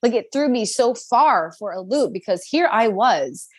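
A woman in her twenties telling a personal story in a casual, animated, chatty way, full of fillers. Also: fairly high pitch, normal speed, husky, no echo.

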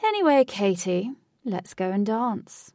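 A woman voicing a well-groomed, vain young man who talks smooth, loud and forward. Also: mid-range voice, measured pace, dry recording, studio quality, far from the mic, natural voice.

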